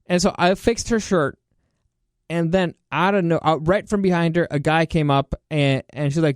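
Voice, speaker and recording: A man's voice: fairly high pitch, normal speed, smooth, no echo, clean studio sound. A young man hosting a podcast, telling stories in a loose, rambling way and laughing as he goes. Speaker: podcast host. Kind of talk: casual Q&A storytelling.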